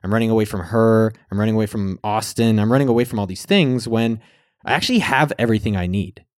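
A man's voice: lowish voice, quick pace, a little mellow, no echo, clean studio sound. A man vlogging in a casual storytelling style. He speaks candidly, swears freely, and acts out his own past words.

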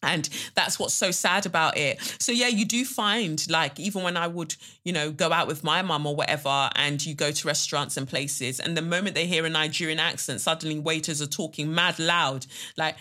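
Woman, podcast host, bright voice, blunt and casual, swears freely. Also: low-pitched, brisk. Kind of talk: casual monologue, reading a listener letter.

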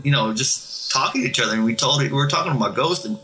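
A man tells his story with a very bright, sharp-edged voice that stays at an ordinary middle pitch. He talks casually and haltingly, stumbling over repeated words and starting lines again, while faint music plays underneath. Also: expressive, low-quality recording. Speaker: caller telling ghost stories.

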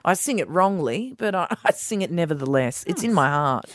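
A woman's voice: lowish voice, animated, dry recording, clean studio sound. A woman guest on a radio show who jokes around playfully and laughs easily. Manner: playful, joking, quick to laugh. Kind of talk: casual radio chat.

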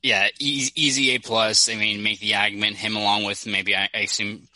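A man's voice: lowish voice, little pitch movement, a little fast, pushed and bright, no room sound, rough recording. A man co-hosting a sports podcast, easygoing and joking as he gives his take. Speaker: podcast co-host and reporter. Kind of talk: casual sports chat.

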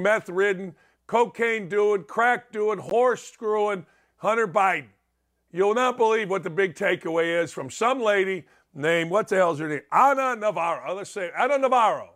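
A man's voice: sits high, fairly bright tone. A middle-aged man hosting a talk show, delivering an opinionated monologue full of sarcastic, mocking rants. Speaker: sports radio host.

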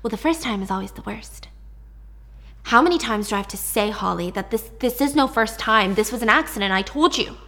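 A woman's voice: fairly high pitch, expressive, fairly quick, pushed and bright. A woman voicing a nervous young man who speaks hesitantly and defensively. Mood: shaken.

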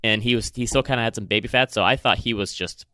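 Bright, crisp man with a Michigan accent. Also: medium pitch, fast, no room sound, studio quality. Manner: opinionated, chatty film talk. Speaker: podcast co-host. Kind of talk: casual chat.

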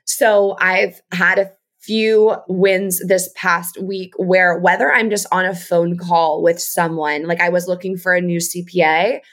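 A woman's voice: on the low side, fairly even intonation, a little slow, few pauses, a bit bright. A woman speaking as a podcast guest in casual chat, reflective and full of "like" fillers.

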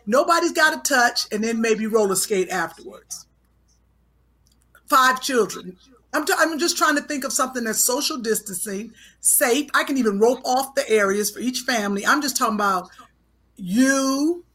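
Female podcast co-host, bright and expressive, casual teasing delivery. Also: a little high. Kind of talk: casual comedic chat.

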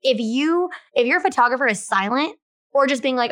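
A woman co-hosting a podcast in casual chat, animated and acting out quotes with big enthusiasm. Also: high-pitched, moderate pace, dry recording, studio quality. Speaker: podcast co-host.

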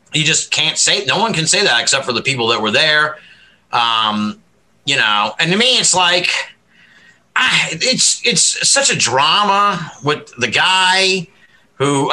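A man with a very bright, keen voice that sits a little high, talking on a casual podcast. He rambles and restarts his sentences, swears freely and laughs often as he makes his point. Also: poor audio.

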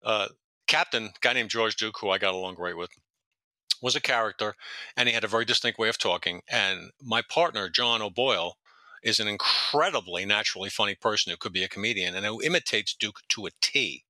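A man, a former police detective, telling animated, profane anecdotes in a casual conversation. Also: lowish voice, brisk, no echo, rough recording. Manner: animated, profane, laughs at his own stories. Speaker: guest, former NYPD detective.

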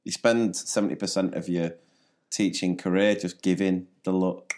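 A man's voice: low voice, fairly even intonation, normal speed, darkish tone. A man, a teacher co-hosting a podcast, telling classroom stories in a dry, joking way. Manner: dry storytelling, laughs at own jokes. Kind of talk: casual storytelling chat.

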